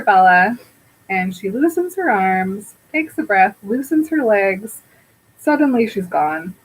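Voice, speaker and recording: A woman's voice: mid-range voice, slightly rough, low-quality recording. A woman podcast co-host casually retelling a book chapter, acting out the dialogue as she goes. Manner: animated retelling with quoted dialogue and laughter. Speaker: podcast co-host recapping a novel.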